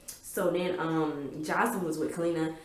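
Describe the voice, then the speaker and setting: Excitable woman rambling in a roomy echo. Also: deep voice, moderate pace. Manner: rambling, excitable, filler-heavy storytelling. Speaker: TV recap vlogger. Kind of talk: casual episode recap.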